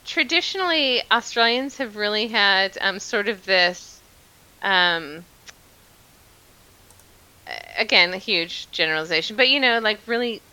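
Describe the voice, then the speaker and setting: A woman's voice: medium pitch, expressive, a little slow, long pauses, pushed and bright, clean tone, low-quality recording. A woman from Oregon with an American accent, chatting as an interview guest, telling stories and laughing often. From Oregon, United States. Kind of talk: casual conversation.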